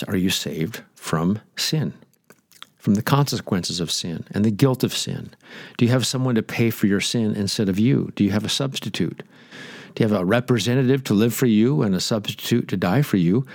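A man's voice: lowish voice, moderate pace, dry recording, clean studio sound. A man preaching a sermon, stressing his points and asking the listeners direct questions. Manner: emphatic, rhetorical questions to listeners.

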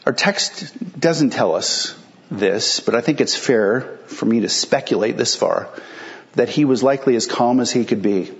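A man's voice: medium pitch, expressive, measured pace, muffled recording. A male pastor preaching a sermon in a conversational, explanatory way, asking rhetorical questions and answering them.

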